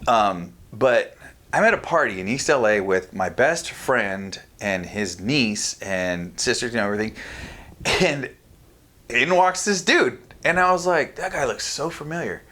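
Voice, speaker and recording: Middle-aged guy from california telling wild stories on a podcast, lots of swearing, animated. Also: medium pitch, unhurried. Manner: animated storyteller, swears freely. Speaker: podcast guest. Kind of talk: casual storytelling chat.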